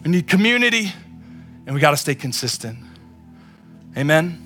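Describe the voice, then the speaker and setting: A man's voice: a little high, very animated, normal speed, faint music behind. A young man preaching a sermon, passionate and repetitive, pushing his points home. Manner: preachy, repeats phrases, builds to impassioned shouting. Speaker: pastor.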